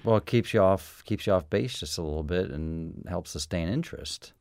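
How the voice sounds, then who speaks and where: A man interviewing a musician, asking thoughtful questions and pausing often to search for words. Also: low-pitched, creaky, a little mellow, no room sound, studio quality. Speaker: radio interviewer. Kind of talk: casual interview.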